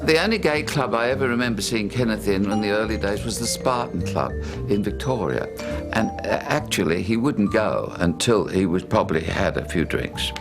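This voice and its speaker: Deep gravelly man reminiscing. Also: lively intonation, moderate pace, over music. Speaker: interviewee. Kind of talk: documentary interview.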